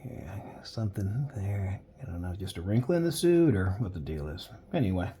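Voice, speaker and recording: A man's voice: low-pitched, big pitch swings, fast, warm tone, a little hiss or hum. Jokey man rambling while sketching. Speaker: artist sketching live. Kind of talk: casual commentary while drawing.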